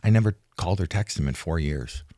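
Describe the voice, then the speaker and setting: Casting: very low male voice, dry studio sound, rambling retired fighter recounting events. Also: animated, fast, mellow, no echo. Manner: rambling, restarts, acts out quoted talk. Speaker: retired fighter, interview guest. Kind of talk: casual storytelling interview. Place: studio in Hollywood.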